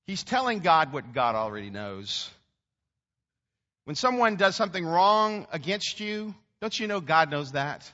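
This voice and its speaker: Emphatic male preacher with a lively, swooping voice, dull recording. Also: on the high side, moderate pace. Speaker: pastor. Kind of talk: sermon. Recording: dull recording with long hall reverb.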